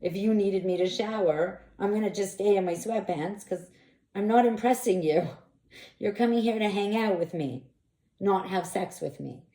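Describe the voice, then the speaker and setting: Speaking at a moderate pace in a medium-pitched voice, a woman gives a frank, expressive direct-to-camera monologue as an intimacy coach, punctuated by animated bursts. The space she records in is echoey.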